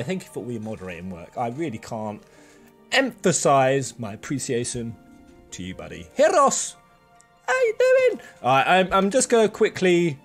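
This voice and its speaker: A man hosting a live game stream, playfully joking and chatting with his viewers. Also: mid-range voice. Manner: playful, exuberant, joking with chat.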